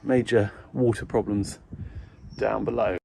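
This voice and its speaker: A man co-hosting a vlog, talking in a slow, reassuring way in a manor house cellar. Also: fairly low pitch, fairly even intonation, vocal fry, a little mellow. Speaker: vlog co-host. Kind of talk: casual vlog talk. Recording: noisy background.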